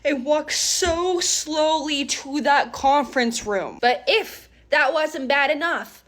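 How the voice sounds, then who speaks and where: Animated high-voiced woman telling a story. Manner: animated, switching between whispers and raised voices. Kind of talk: storytime skit narration.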